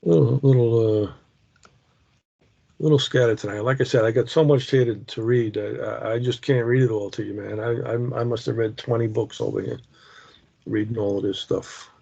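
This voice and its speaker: A man's voice: mid-range voice, vocal fry, warm tone, breathy edge. A man teaching a Bible word study over a video call, reading scripture aloud and talking casually with restarts. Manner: slow, reads scripture aloud, with many fillers and restarts. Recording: dull lo-fi video call audio.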